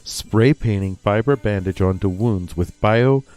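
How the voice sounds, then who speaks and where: A man's voice: on the low side, normal speed, a little mellow, faint music behind. A man hosting a casual comedy news show, reading stories aloud and breaking off into rambling jokey asides and talking to himself. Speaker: podcast host reading news.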